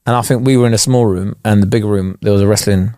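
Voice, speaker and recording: A man's voice: fairly low pitch, fairly even intonation, fast talker, mellow, no room sound, clean studio sound. A man, a comedian co-hosting a podcast, telling stories casually with swearing. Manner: swearing, laid-back storytelling. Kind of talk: casual chat.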